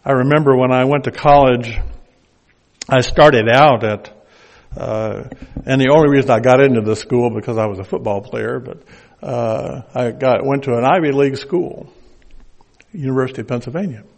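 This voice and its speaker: A man's voice: medium pitch, moderate pace, gravelly. An older man with a Southern accent preaching a conversational sermon with folksy asides.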